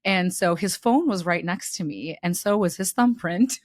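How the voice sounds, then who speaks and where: A young woman co-hosting a chatty podcast, recounting her own dating past with a lot of feeling. Her voice sits fairly low for a woman and sounds dry and close, with no room around it. She talks candidly, laughs through the hard parts and doesn't soften her language. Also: normal speed, no echo. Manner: animated, candid, laughs through the story, swears freely. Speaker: podcast co-host. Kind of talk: casual podcast chat, storytelling.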